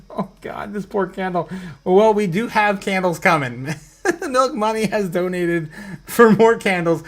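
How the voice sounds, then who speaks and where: A man hosting a casual crypto livestream, rambling, laughing often and reading out viewer comments to his chat. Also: on the high side.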